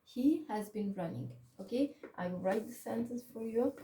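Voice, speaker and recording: A woman's voice: a little high, warm tone, a little hiss or hum. A woman teaching an English grammar lesson with small non-native slips, checking often with "okay?" in a patient manner. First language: Macedonian. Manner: slow, patient, repeats "okay?" to check understanding. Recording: echoey room, mic at a distance.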